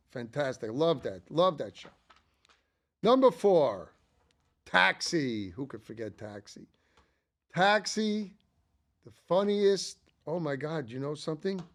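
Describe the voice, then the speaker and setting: An older man hosting a casual ranking monologue, chatty and enthusiastic, rambling with frequent asides. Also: fairly high pitch. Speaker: channel host.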